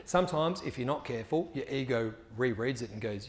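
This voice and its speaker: A man's voice: mid-range voice, lively intonation, quick pace. A man gives a storytelling talk, acting out the people in his stories and laughing often as he goes. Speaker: speaker.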